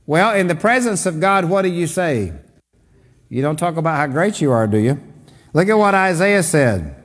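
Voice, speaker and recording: A man's voice: on the high side, animated, normal speed. A man, a pastor, leading a Bible study, reading scripture aloud and then explaining it plainly. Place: church. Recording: church hall reverb.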